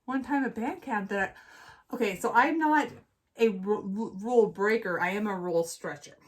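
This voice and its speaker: Speaking at a moderate pace in a mid-range voice, this middle-aged co-host tells a story in a casual chat. She's an animated storyteller who performs plenty of voices along the way.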